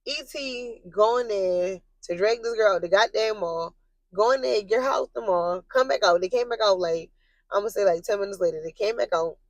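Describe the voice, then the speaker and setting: A young woman in a mid-pitched voice tells a storytime rant straight to her viewers, calling them y'all, swearing freely and lively throughout. Her voice rises into shrill outbursts as she relives her anger. The sound is close and dry, with no room around it. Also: normal speed, no echo, muffled recording. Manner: animated, profane, addresses viewers as y'all. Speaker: vlogger.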